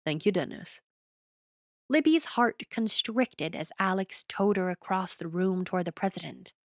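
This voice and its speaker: A woman narrating a romance audiobook in an even storytelling delivery, recorded close to the mic. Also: medium pitch, normal speed, vocal fry, no echo.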